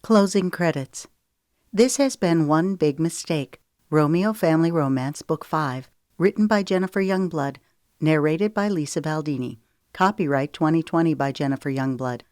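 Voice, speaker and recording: Low-voiced woman narrating an audiobook. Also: no echo, studio quality. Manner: even, measured storytelling.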